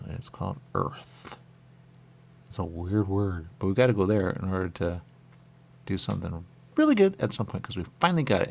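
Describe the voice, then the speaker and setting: Radio host, male, gravelly low voice with lively swings, meandering chatter that circles back on itself. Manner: meandering, repeats catchphrases, acts out quoted voices. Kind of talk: rambling monologue.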